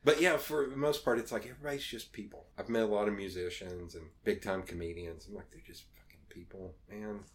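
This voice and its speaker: A man's voice: lowish voice, steady tone, fast, few pauses. A man telling casual stories as a podcast guest, acting out the voices he quotes and swearing freely. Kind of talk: casual storytelling.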